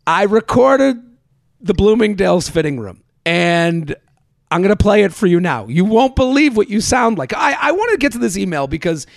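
A man hosting a podcast in casual, fast, profane chat that mocks himself. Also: high voice, sing-song, vocal fry, no echo, studio quality. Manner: fast-talking, profane, self-mocking. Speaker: podcast host.

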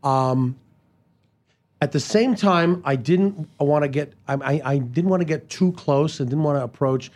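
A man from Canada, a guest on a podcast, telling casual anecdotes with many restarts and quick slips into impressions. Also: a little high, a little mellow.

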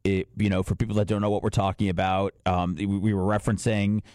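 Fast-talking, apologetic man. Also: fairly low pitch, flat delivery, darkish tone, dry recording, clean studio sound. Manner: apologetic, halting, restarts often. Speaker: podcast co-host. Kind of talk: casual podcast talk.

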